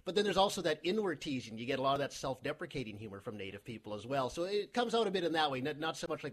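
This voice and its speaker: A man's voice: fairly high pitch, sing-song, fast, few pauses. A Canadian man in casual conversation, telling stories and joking, laughing often. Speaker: comedian guest. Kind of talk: casual podcast chat.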